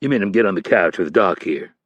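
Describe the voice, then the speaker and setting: A man voicing a gruff, sarcastic older CIA veteran, blunt and profane. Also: deep voice, animated, a little fast, fairly bright tone, no echo, highs cut off.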